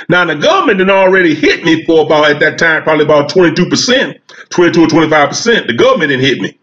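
Man, folksy drawling storyteller, slightly high voice, muffled dull recording. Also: fairly bright tone. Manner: folksy, drawling Southern storytelling with quoted dialogue. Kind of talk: storytelling stand-up monologue.

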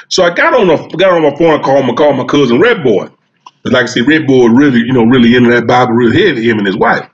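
A man's voice: mid-range voice, lively intonation, fast. Drawling man telling a story. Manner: folksy, drawling Southern storytelling with quoted dialogue. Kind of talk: storytelling stand-up monologue. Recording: dull, muffled sound.

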